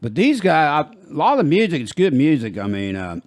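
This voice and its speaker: This older podcast host's voice runs on the high side, swoops wildly in pitch, and moves fairly quickly, captured in a dry recording. With his rural American twang, he tells rambling, jokey stories in casual conversation and laughs along at them.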